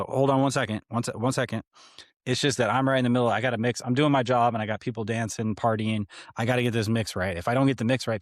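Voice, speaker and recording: A man's voice: medium pitch, no echo, studio quality. A man who works as a wedding DJ and MC, giving casual advice in a loose, conversational way with frequent fillers and little acted-out exchanges. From Seattle area. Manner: conversational, lots of fillers, acts out guest requests.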